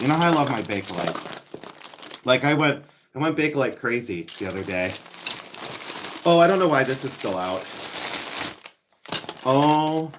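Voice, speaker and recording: A man talks his way through a vintage unboxing on a livestream, chatty and easily distracted. His voice sits at an ordinary middle pitch, and he breaks off often to greet viewers and read their comments aloud. He rambles loosely from one find to the next. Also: noisy background. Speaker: livestream host selling vintage finds. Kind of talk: casual livestream chat.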